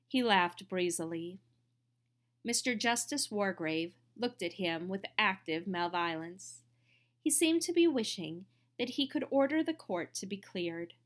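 A woman narrating an audiobook in a measured, expressive reading voice. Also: medium pitch. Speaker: audiobook reader.

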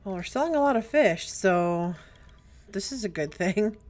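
A young woman giving let's play commentary, chatty and prone to excited squeals and gasps. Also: mid-range voice, normal speed. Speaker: gaming YouTuber. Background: faint game music.

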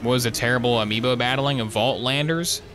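A man's voice: medium pitch, a little fast, fairly bright tone, a little hiss or hum. A young man giving casual, sarcastic live commentary while playing a shooter, rambling into jokey asides. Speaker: gaming streamer.

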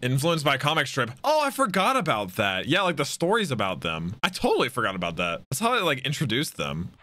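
A man reacting to an anime episode as he watches, excitable and thinking aloud in slangy chat. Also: mid-range voice, brisk, a little hiss or hum.

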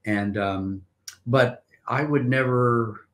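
An older man, a stage actor, telling stories in a measured, wry way during a casual video interview. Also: medium pitch.

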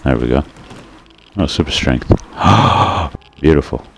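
A man giving casual let's-play commentary as he plays, joking sarcastically at his own expense and bursting into excited shouts at the game. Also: rumbling low, normal speed, a little hiss or hum. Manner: sarcastic, self-mocking joking. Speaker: gameplay commentator.

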